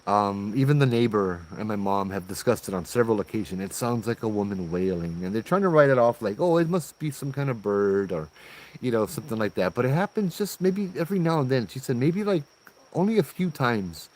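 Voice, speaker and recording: A man's voice: mid-range voice, expressive, fairly quick, darkish tone. Laid-back Hawaiian man telling stories. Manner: chatty, laid-back, island slang. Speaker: storyteller. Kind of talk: casual ghost story telling. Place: outdoors under a banyan tree.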